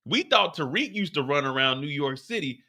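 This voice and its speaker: Gravelly, bright-voiced man recapping. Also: on the high side, moderate pace, no room sound, clean studio sound. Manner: profane, animated storytelling. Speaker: show host. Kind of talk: casual live TV recap.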